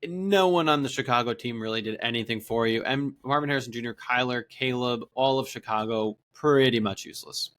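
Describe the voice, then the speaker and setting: A man's voice: mid-range voice, fairly quick, hardly any pauses, fairly bright tone. A man co-hosting a podcast, recapping fantasy football games in an upbeat, enthusiastic way. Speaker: podcast co-host. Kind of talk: casual fantasy football chat.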